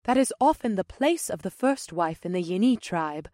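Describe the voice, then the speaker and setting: A man voicing a gentle, devoted elven wife who speaks in a formal, unhurried way. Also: high-pitched, animated, no echo, clean studio sound, voice pushed up. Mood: calm.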